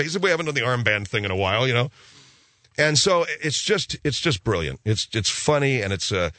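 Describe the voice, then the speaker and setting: A man's voice: medium pitch, fairly bright tone, no room sound. A middle-aged man hosting a show, chatting casually about listener mail in a rambling way, often repeating and restarting words. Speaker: radio show host.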